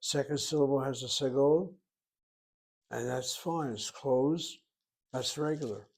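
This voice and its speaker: Male teacher, mid-range voice, patient explainer who repeats each word slowly. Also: mid-range voice. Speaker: Hebrew teacher. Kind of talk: recorded language lesson.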